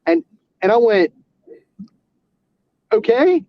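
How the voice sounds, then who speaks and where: A man, an auxiliary police officer, telling a personal story in casual talk, halting with restarts and fillers. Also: on the high side, expressive, no room sound. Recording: dull lo-fi sound.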